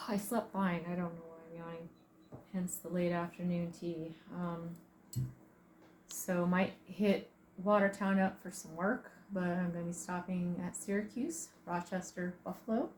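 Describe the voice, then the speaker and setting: A woman talks to herself in a candid, chatty vlog from her camper, covering cleaning and a road trip. Her voice is fairly low in pitch, with slight background noise.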